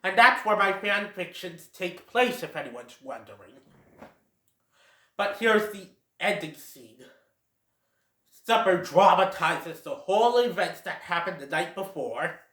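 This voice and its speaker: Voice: medium pitch, expressive, a little slow, a bit bright. A fan movie reviewer casually retelling a film in a rambling, repetitive way. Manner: rambling, repetitive 'and then'. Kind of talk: casual story-style movie recap. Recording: roomy echo.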